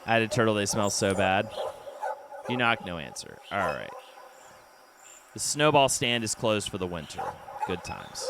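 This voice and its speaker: A man's voice: on the low side, big pitch swings, moderate pace, vocal fry, pauses often, noisy background. A man streaming a narrative game, reading its text aloud and adding wry asides. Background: game music.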